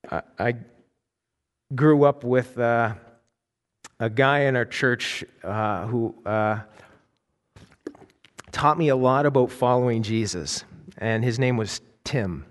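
A man's voice: mid-range voice, expressive, slow, long pauses, long reverb tail. A pastor, a man, preaching a sermon in an earnest way, often restarting his sentences and breaking into storytelling asides.

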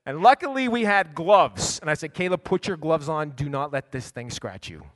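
A man's voice: fairly high pitch, expressive, normal speed. Middle-aged man preaching a storytelling sermon. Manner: storytelling, swings from quiet asides to loud bursts. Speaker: pastor.

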